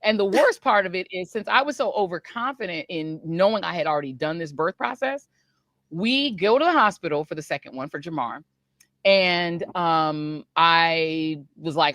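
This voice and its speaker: A woman's voice: low-pitched, brisk, fairly bright tone, no echo. A middle-aged woman hosting a podcast, telling a story casually and animatedly, often laughing and acting out voices. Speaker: podcast host.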